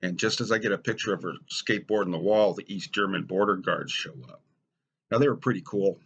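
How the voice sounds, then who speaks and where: A middle-aged American man with a low, husky voice tells personal stories in a dry, deadpan way. His tone is bright and forceful, and the humor stays wry. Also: brisk, dull audio. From United States. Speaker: storyteller. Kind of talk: stand-up style personal storytelling.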